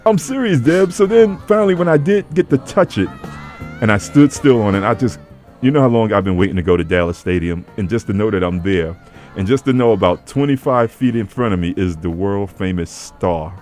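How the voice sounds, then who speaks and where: A man hosting a radio show, chatting casually and telling animated stories with lots of laughter. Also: lowish voice, brisk, faint music behind. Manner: animated storyteller, laughs a lot. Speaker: radio host.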